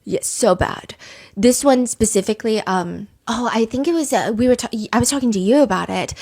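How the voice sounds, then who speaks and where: A young woman hosting a podcast, telling a true-crime case in quick, animated casual talk full of rhetorical questions. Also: a little high. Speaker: podcast host.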